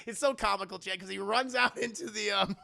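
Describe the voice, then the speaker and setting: A man's voice: high voice, fairly even intonation, fairly quick, vocal fry, sharp tone, slight background noise. A man casually recapping a film's plot as a reviewer, rambling and crude, laughing often. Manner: rambling, crude, laughs a lot, acts out lines. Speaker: movie reviewer.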